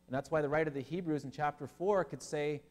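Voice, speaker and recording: A man preaching a sermon as pastor, animated and lively, with humorous asides to his listeners. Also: on the high side, fast. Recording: long hall reverb.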